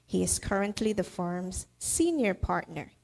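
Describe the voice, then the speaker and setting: A woman reading out a speaker's introduction in a steady, formal way. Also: lowish voice, measured pace, gravelly.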